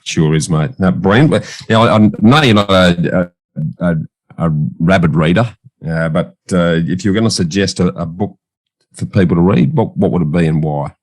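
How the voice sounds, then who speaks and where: A man's voice: low-pitched, normal speed, no echo. An Australian man hosting a casual interview, agreeable and friendly, calling his guest mate. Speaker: podcast host.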